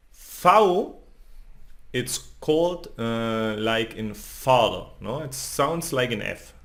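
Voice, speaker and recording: Slow-paced man teaching, lively intonation. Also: medium pitch. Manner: often ends phrases with a questioning "no?" or "okay?"; sounds out letters and sounds one by one. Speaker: language teacher. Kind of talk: slow explanatory lesson.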